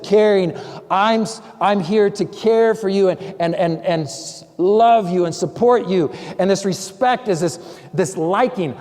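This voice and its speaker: A man's voice: high-pitched, darkish tone. A man preaching a sermon as pastor, in a conversational way, acting out quotes. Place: church sanctuary. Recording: long church hall reverb.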